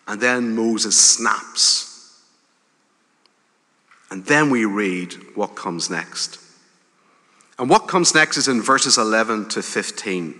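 A man preaching a sermon in a conversational way, with gentle humor and rising emphasis. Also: lowish voice, animated, takes it slowly, long pauses. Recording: hall reverb.

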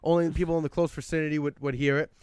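A young man on a podcast, telling stories in an animated way and swearing often. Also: fairly high pitch, very fast, smooth. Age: young adult. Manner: animated storytelling, swears a lot. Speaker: podcast guest. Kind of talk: casual chat. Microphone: podcast mic.

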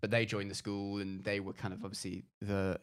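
A young man with a posh English accent, chatting as a podcast guest and telling school stories in an animated way, laughing often. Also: on the low side, brisk, smooth. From England. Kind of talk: casual interview chat.

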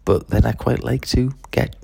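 A man's voice: medium pitch, steady tone, moderate pace, gravelly, mellow, husky, no room sound, studio quality. A man who teaches French, talking through his methods in a chatty solo podcast, with fillers and restarts.

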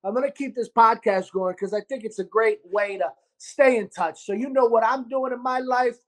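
A man with a New York accent hosting a casual podcast, talking in an animated, gruff way and calling people dude and brother. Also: very high-pitched, normal speed. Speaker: podcast host and restaurant owner.

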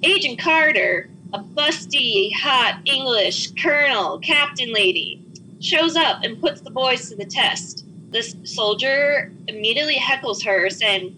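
A woman's voice: on the high side, lively intonation, unhurried, pushed and bright, slight background noise, rough recording. A woman hosting a podcast, chattily recapping a film and swearing freely. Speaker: podcast host. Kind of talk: casual movie recap chat.

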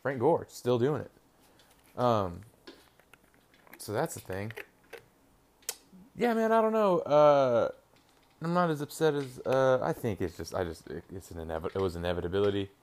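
A young man with a lowish voice rambles casually to his listeners. He swears freely, trails off often, and breaks off to react to the football on TV. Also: animated, normal speed. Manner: rambling, profane, reacting to a game on TV. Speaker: podcast host. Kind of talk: casual solo chat.

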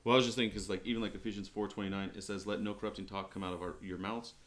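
A man's voice: sits low, level tone, very fast, a bit bright. A man co-hosting a casual faith podcast, talking earnestly and rambling with many restarts. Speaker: podcast co-host.

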